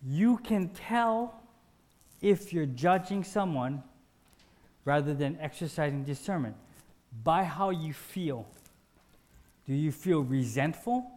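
In an informal spiritual talk, this man speaks at a fairly high pitch, slowly, with long pauses. He's animated and self-mocking, playing out daily scenes in quick, clipped phrases.

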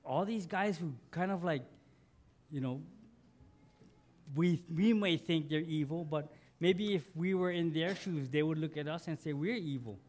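A man's voice: a little high, unhurried, darkish tone. A man preaching a sermon as pastor, conversational, asking his congregation questions and building to emphatic lines.

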